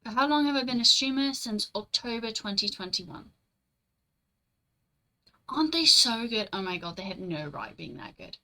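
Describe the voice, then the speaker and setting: A woman's voice: a little high, expressive, normal speed, bright, forceful tone, low-quality recording. A young woman streamer in casual, rambling chat, reading and answering her chat, swearing casually and laughing often.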